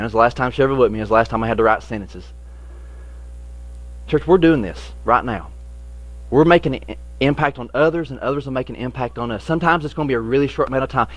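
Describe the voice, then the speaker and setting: A man preaching a sermon as a pastor, telling a childhood story and acting out the voices in it. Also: mid-range voice. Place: church sanctuary.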